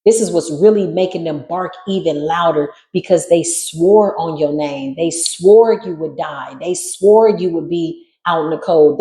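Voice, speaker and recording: A woman's voice: medium pitch, dark tone. Sassy preaching woman, echoey room. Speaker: tarot reader. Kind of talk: spiritual tarot reading.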